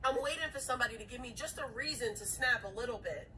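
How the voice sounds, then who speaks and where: A woman telling an angry story in a fast, profane, heated rant, in a played clip. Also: fairly high pitch, crowd noise, low-quality recording.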